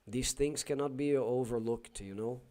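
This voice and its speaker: A man's voice: medium pitch, normal speed, mellow. A Brazilian man with a Brazilian Portuguese accent, a Portuguese teacher hosting a casual live stream and thinking aloud with many fillers and restarts.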